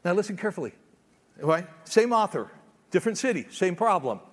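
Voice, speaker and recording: A man's voice: high voice, sing-song, fairly quick, in a large hall. A man preaching a sermon as pastor, emphatic and conversational, often restarting his words.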